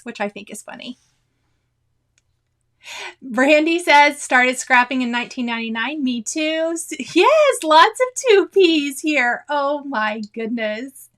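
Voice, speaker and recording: High-pitched 40s woman chatting on a stitch-along stream, laughs a lot, super chatty. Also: a little slow, fairly bright tone. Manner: chatty, laughs often, exclamatory. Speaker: cross-stitch livestream host. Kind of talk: casual chat reading live comments.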